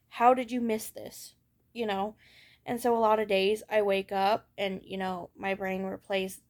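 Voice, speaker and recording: A young woman vlogs a candid personal monologue in a medium-pitched, somewhat dark voice. Her rant is raw and blunt, laced with swearing, and she keeps looping back over her thoughts.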